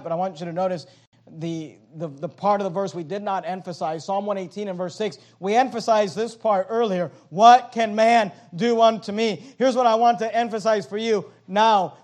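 A man preaching a sermon, reading scripture aloud and asking and answering questions with emphatic, swinging delivery. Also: sits high. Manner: reads scripture aloud, swings between loud and soft.

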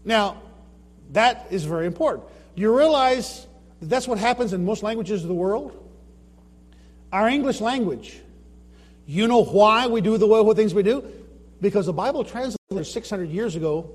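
High-voiced man presenting in a reverberant hall. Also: husky. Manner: explanatory, asks rhetorical questions, retells his own anecdotes. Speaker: Bible translation worker giving a presentation. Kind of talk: informal presentation with slides.

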